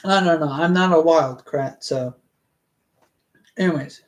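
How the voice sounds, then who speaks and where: A streamer reads a fantasy novel aloud to a live chat at an unhurried, drawn-out pace. The reading keeps breaking into hesitant, rambling tangents with restarts and trailing asides, in a casual, conversational tone. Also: medium pitch.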